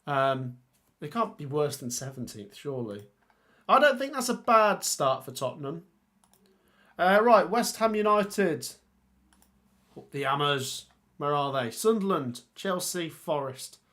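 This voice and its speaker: A man's voice: a little high, sing-song, measured pace, a bit bright. A young man hosting a casual live stream, thinking aloud about football fixtures and reading out viewer comments. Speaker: football channel host.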